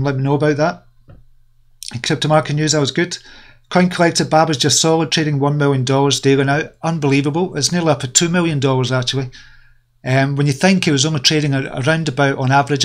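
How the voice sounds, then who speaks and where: A man hosts a casual live stream, talking through market charts and answering his viewers' comments. He sounds upbeat and keen, rambling a little with lots of ums and loose phrasing, at an ordinary mid pitch for a man. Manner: upbeat and enthusiastic, rambling with frequent fillers. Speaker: crypto channel host.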